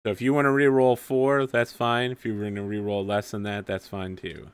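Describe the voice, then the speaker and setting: A man acting as game master, explaining the rules in a relaxed way and laughing easily. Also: lowish voice, normal speed, clear, resonant tone, no room sound. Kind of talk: running a tabletop game.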